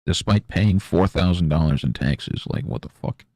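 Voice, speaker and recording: Young male streamer, deep gravelly voice, dry close mic, rambling sarcastic chat. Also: normal speed, dark tone, dry recording. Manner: rambling, sarcastic, mocks imagined interviewers in high voices. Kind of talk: casual chat while painting.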